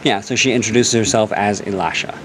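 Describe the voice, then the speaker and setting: A young man running a tabletop game on stream as game master, narrating with lively, joking drama. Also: fairly low pitch, brisk, noisy background.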